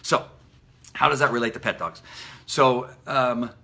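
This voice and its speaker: A man who trains police dogs, talking casually and at length on a live stream, rambling with many fillers and restarts, and now and then barking out a loud dog command. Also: mid-range voice, unhurried, gravelly. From Southern California.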